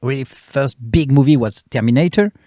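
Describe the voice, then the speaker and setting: A young man with a French accent, a comedian chatting in halting non-native English and laughing often. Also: medium pitch, warm tone, dry recording, studio quality. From France. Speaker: guest comedian. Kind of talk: casual chat.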